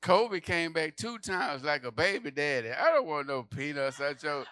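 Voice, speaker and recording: A man doing a stand-up comedy set, telling a story loudly and acting out the people in it, with lots of swearing. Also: on the high side, normal speed, smooth, dry recording. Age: adult. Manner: loud animated storytelling, acting out characters, profane.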